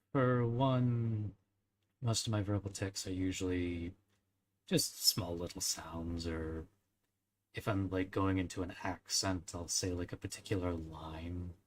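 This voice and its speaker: A man's voice: sits low, fairly even intonation, slow, long pauses, slight background noise. A young man streaming and chatting casually with his viewers, rambling with frequent fillers, small laughs and little verbal-tic sounds. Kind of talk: casual chat with live chat.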